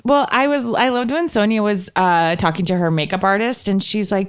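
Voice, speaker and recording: A woman's voice: mid-range voice, fairly quick, few pauses, clear, resonant tone. A woman co-hosting a podcast, chatting casually and retelling scenes with quoted lines. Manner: chatty storyteller, acts out quotes. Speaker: podcast co-host. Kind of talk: casual chat.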